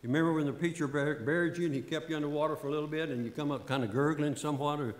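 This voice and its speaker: A man's voice: fairly high pitch, racing. An older man preaching a fervent sermon as pastor, repeating phrases for emphasis. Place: church sanctuary. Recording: echoey church sanctuary.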